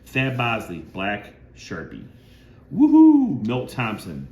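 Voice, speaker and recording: A man's voice: lowish voice, normal speed. A middle-aged man who collects cards, hosting a casual show-and-tell video. He reads items off one by one in a plain, conversational way. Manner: lists items plainly, bursts into loud woohoo cheers. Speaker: card collector and channel host. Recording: echoey room with faint ambient noise.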